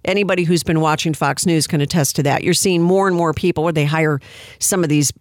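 Woman commentator, indignant and sarcastic, lowish voice, dry close sound. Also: fairly even intonation, brisk, no room sound. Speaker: commentary host. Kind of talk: political commentary.

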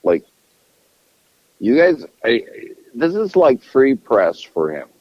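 A man's voice: medium pitch, sing-song, slow pace, no room sound, muffled recording. A man co-hosting a podcast, chatting casually about politics in a profane, rambling way and often restarting his sentences. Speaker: podcast co-host.

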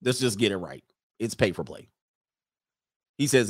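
A man hosting a live stream in casual, slangy commentary, animated, laughing often and mocking people in put-on voices. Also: lowish voice, normal speed, dry recording, clean studio sound. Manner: laughs often mid-sentence.

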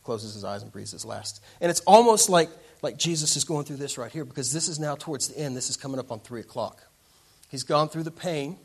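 A man preaching a sermon, slowing down for emphasis and swinging between loud declarations and hushed, quiet lines. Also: medium pitch, creaky, husky. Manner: slows down for emphasis. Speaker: pastor.

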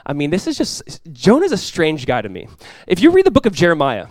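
Pastor, male, fast and animated, conversational sermon, dry close sound. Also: a little high, dry recording. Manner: animated, conversational preaching with quick acted-out asides.

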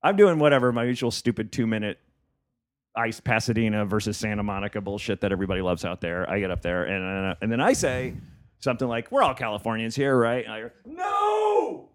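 A man's voice: lowish voice, fast. A man, a comedian and podcast host, telling a gig story in casual chat, profane and laughing often.

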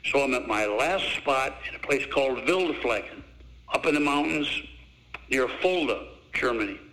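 Older man telling animated coaching stories. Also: mid-range voice, moderate pace, a little hiss or hum, poor audio. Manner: animated storyteller, acts out quoted voices. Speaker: basketball coach. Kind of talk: storytelling interview.

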